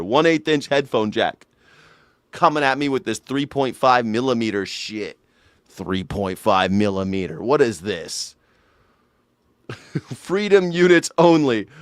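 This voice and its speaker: A man's voice: mid-range voice, no room sound. A male host reacting to the news live, swinging between sarcastic jokes and put-on indignation in a mid-range voice. He talks into a studio mic through a mixer. The sound is dry, with almost no room around him. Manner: sarcastic mock-outraged ranting.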